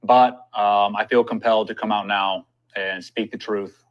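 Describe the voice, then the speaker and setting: A man's voice: on the low side, steady tone. Hesitant man in dull lo-fi video. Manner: hesitant, measured, many ums. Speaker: military veteran. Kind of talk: personal video statement.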